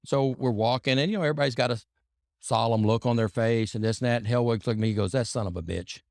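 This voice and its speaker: A man's voice: medium pitch, steady tone, quick pace, darkish tone, no echo, studio quality. A man guesting on a podcast, telling loose, rambling anecdotes full of fillers and restarts. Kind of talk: casual storytelling.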